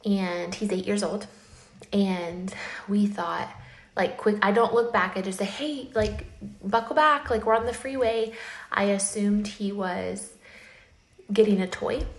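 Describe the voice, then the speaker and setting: An earnest woman in her thirties tells a personal story straight to camera. She talks in a mid-pitched, heartfelt, chatty way with plenty of fillers. The room adds a noticeable echo. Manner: earnest, tearful at times, uses many fillers. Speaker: parent sharing a safety warning.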